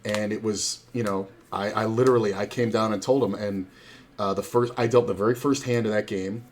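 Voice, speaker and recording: A man's voice: lowish voice, steady tone, a little fast, slight background noise. A middle-aged man who streams, telling casual, rambling poker stories with plenty of swearing and acted-out quotes.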